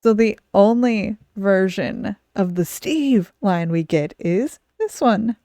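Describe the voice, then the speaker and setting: A woman's voice: mid-range voice, slow pace, dark tone, dry recording. A woman hosting a casual podcast, chatty and laughing often. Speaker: podcast host.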